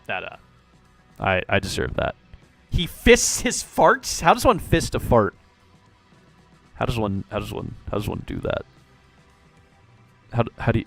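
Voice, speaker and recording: Casting: male streamer, animated and swearing, high bright voice, faint music behind. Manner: animated, swears and laughs often. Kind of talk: playing a game while reading its text aloud.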